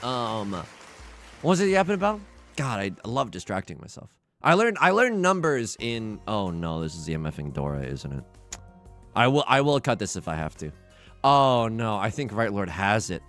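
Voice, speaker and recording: Brief: young male streamer, first language Mandarin, casual rambling game commentary, animated and gravelly. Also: lowish voice, moderate pace, faint music behind. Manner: rambling, self-deprecating, chatting with viewers. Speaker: livestreamer playing online mahjong.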